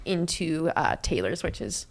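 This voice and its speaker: Low-voiced woman giving casual race commentary. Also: big pitch swings, measured pace. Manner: chatty, many fillers, reads off splits.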